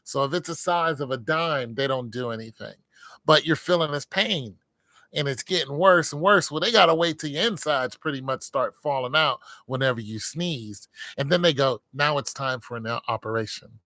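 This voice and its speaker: A man's voice: fairly high pitch, moderate pace, pushed and bright, no echo. A middle-aged man, a military veteran, talking casually and candidly to his viewers, rambling with many fillers.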